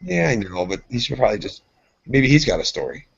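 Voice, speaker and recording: A man with a husky voice tells loose, rambling stories on a casual podcast, and he acts out every voice in them. The audio sounds dull and lo-fi. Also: mid-range voice, big pitch swings, a little fast. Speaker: podcast co-host. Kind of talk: casual chat, storytelling.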